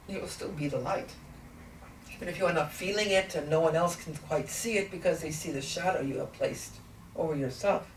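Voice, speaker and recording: A woman in a trance channels an ancient male spiritual teacher, gentle and patient, in a deep voice that moves slowly and deliberately through many rhetorical questions. The room is echoey, the mic sits at a distance, and there's faint background noise.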